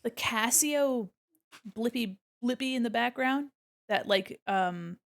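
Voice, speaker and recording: A woman's voice: fairly high pitch, slow, gravelly. A woman streamer chatting casually with her viewers while drawing, laughing and humming to herself.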